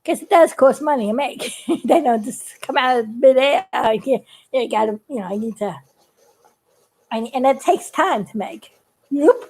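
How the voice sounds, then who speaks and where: A woman's voice: high-pitched, expressive, moderate pace, darkish tone, slight background noise, low-quality recording. A woman who makes puppets, chatting casually and giggling as she shows how she builds them. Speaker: puppet maker. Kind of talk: casual craft demonstration.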